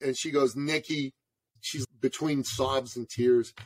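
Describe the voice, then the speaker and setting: A man in his forties, a podcast guest from Canada, telling a story in an animated way and calling the host brother. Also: mid-range voice, takes it slowly. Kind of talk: storytelling interview.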